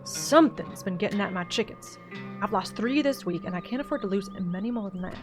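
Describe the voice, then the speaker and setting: A stubborn old backwoods man with a put-on Southern drawl growls and grumbles through a horror game scene, as a woman voices him. His talk is folksy and blunt, pitched in a middle range. Music plays steadily behind him. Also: lively intonation, brisk, lightly acted. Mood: grumpy. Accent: put-on generic Southern US. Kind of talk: voiced-over game dialogue.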